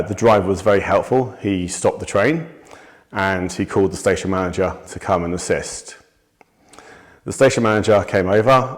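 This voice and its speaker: Low-voiced man calmly recounting an incident. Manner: measured, steady retelling with small restarts. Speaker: witness giving a testimony. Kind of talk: recounting a personal incident to camera.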